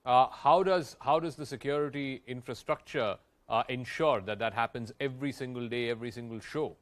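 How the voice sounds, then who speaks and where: Brisk news anchor moderating. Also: male voice, medium pitch, fairly bright tone. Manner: brisk, interjecting, steering the discussion. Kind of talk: moderating a TV debate.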